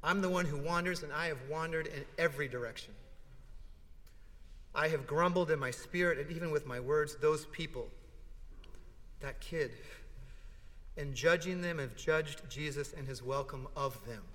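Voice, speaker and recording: A man preaching in an echoey hall. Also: a little high. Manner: heartfelt storytelling, with dramatic pauses and hushed drops. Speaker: pastor. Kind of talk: sermon. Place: church.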